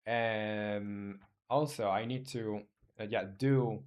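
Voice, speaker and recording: Slow, low-voiced man thinking aloud. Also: steady tone, darkish tone, clear, resonant tone. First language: not English. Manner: halting, thinking aloud with many fillers; mutters search terms and reads docs aloud. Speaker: game developer streaming. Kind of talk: casual live-coding stream.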